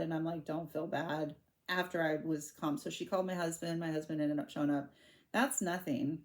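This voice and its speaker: Low-voiced woman in her forties, candid. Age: 40s. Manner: candid, halting, with many restarts and fillers. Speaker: vlogger sharing her own story. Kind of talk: personal storytelling to camera.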